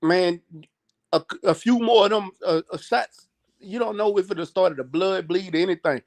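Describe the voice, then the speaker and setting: A man's voice: high voice, moderate pace. A man co-hosting a boxing podcast, talking in a heated, emphatic, slangy way and repeating his points. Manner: emphatic, loud and repetitive, slangy. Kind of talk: heated casual chat.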